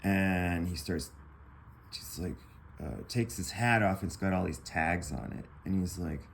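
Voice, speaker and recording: A man with a very low voice tells a personal story to his camera in a loose, rambling way. He swears freely and stumbles through fillers and restarts. A faint hiss sits under the recording. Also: measured pace, creaky. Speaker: vlogger telling a personal story. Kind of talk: casual storytelling.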